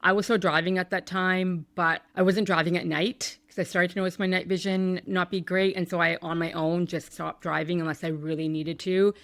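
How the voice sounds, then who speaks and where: A woman's voice: on the low side, flat delivery, moderate pace, hardly any pauses, fairly bright tone, no room sound. A woman podcast host in her thirties telling a painful personal story, candid and emotional, with some swearing.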